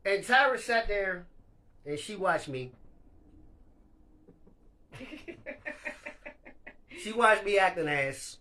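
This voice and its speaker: A man's voice: high-pitched, lively intonation, takes it slowly, pauses often, pushed and bright. A man hosting a casual live chat, talking candidly and loosely, laughing often and swearing freely. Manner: speaks of being a leader. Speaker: live stream host.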